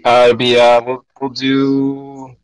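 A man hosting a relaxed podcast, talking in a rambling way with many restarts. His voice sits at a middle pitch. It sounds close and dry, with no room echo. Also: slow, clear, resonant tone. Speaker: podcast host. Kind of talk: casual chat.

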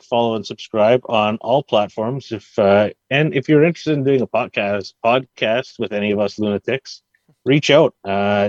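A low-voiced man hosting a laid-back sports podcast in a flat, monotone delivery full of "uh"s. His voice sounds dull and lo-fi, and the recording is dry, with no room sound around it. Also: no echo. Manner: self-described monotone, halting with many "uh"s. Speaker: stand-in podcast host. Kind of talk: casual sports podcast chat.

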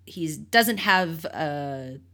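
A woman's voice: sits low, lively intonation, extremely slow, bright, forceful tone. A woman co-hosting a podcast, retelling a book with enthusiasm and frequent laughter. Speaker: podcast co-host. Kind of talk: casual chat about a book.

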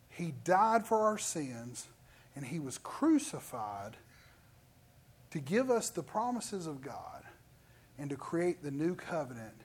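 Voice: mid-range voice, slightly rough. A middle-aged preacher giving an emphatic sermon with lots of restarts. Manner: animated, emphatic, with many restarts.

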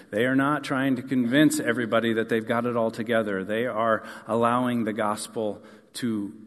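A man preaching a sermon in an earnest way. He rises to emphatic questions and then drops to a soft, quiet close. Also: mid-range voice, in a large hall. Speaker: pastor.

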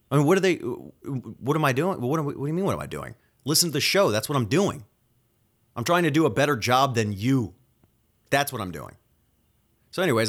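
Male nurse hosting a solo podcast rant: angry, cocky, sweary, talks in rapid bursts. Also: medium pitch, fairly bright tone. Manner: angry, profane, rapid-fire venting.

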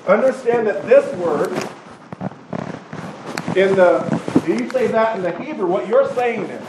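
A man teaching a Bible class in a lively conversational way, often acting out quick voices of other people for the group. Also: sits high. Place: class room in front of a group. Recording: echoey room with background noise.

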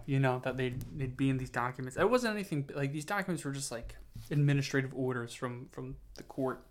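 A young man hosting a solo podcast, rambling through loose tangents with lots of fillers and restarts, tired and self-mocking. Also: medium pitch. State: tired, yawning. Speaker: podcast host.

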